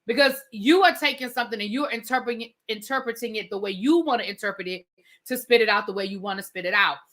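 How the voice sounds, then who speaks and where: Bright-voiced blunt woman livestream host. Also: on the high side, quick pace. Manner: blunt and opinionated, reads out viewer comments; animated, swears casually. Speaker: TV reality show reviewer and livestream host. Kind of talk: casual livestream commentary.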